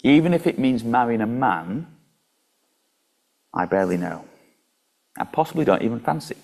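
A man's voice: medium pitch, very animated, normal speed, vocal fry, a little mellow. A man preaching a sermon and reading scripture aloud in a conversational way, with small slips and restarts.

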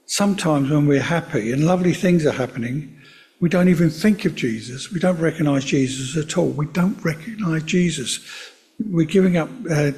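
A man giving a sermon in a gentle, conversational way, with chatty asides to his listeners. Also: a little high. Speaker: preacher.

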